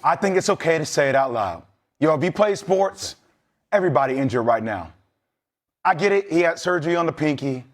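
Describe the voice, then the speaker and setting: High-voiced, blunt former player. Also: male voice, expressive, fairly quick. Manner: blunt, rallying, streetwise slang. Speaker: former player, guest analyst. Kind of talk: sports debate.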